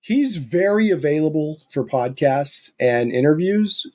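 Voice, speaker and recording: A man's voice: on the high side, lively intonation, unhurried, darkish tone. A man hosting his podcast in casual chat, talking in a loose, rambling way with frequent restarts. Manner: chatty, rambling, many restarts. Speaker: podcast host.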